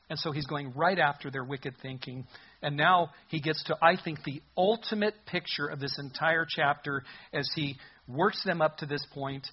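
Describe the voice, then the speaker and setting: With lively energy, a man delivers a sermon, voicing the figures in the scripture passage himself. His voice is husky and on the higher side. The sound is a bit muffled and dull.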